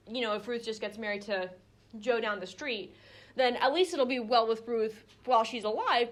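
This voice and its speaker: A young woman teaching a small group Bible study in a conversational way, with lots of fillers and restarts. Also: a little high. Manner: conversational, acts out quoted voices, many fillers and restarts.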